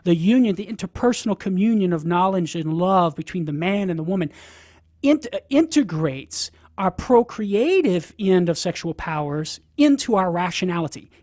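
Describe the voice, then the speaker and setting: A man's voice: high-pitched, animated, moderate pace, a little mellow, no room sound, studio quality. A man with a Cajun accent, a radio guest explaining ideas step by step, often checking in with "right?". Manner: teaching, sprinkles "right?" to check in. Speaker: guest apologist.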